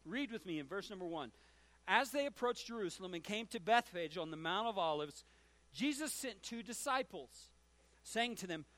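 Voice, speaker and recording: A man's voice: high-pitched, lively intonation, normal speed, no echo. A man preaching a sermon as a pastor, retelling scripture stories and acting out the quoted lines. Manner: storytelling, acts out shouted quotes.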